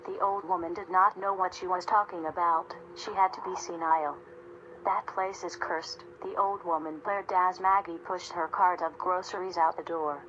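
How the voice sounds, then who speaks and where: A woman reading a story aloud in a steady, measured narration. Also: on the low side, muffled recording, slight background noise. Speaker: audiobook narrator. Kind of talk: scripted narration.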